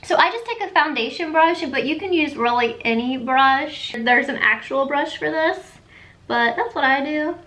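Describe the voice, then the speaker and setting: Woman, 30s, high pitch, casual beauty tutorial at home, upbeat and chatty. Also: fairly bright tone. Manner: chatty and enthusiastic, quick asides. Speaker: beauty vlogger.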